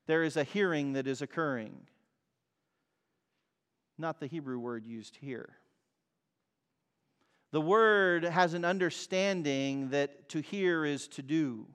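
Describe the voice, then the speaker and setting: A man preaching a sermon as pastor, emphatic and swinging from loud cries to quiet words. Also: a little high, takes it slowly, long pauses, clean tone. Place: church hall. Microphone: mic over speakers. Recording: long reverb of a hall.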